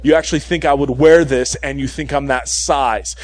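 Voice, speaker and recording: A man preaching a sermon in an animated way, mixing humorous everyday stories with repeated key points and frequent "okay?" check-ins with his listeners. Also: medium pitch, moderate pace, few pauses, dry recording. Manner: humorous storytelling asides.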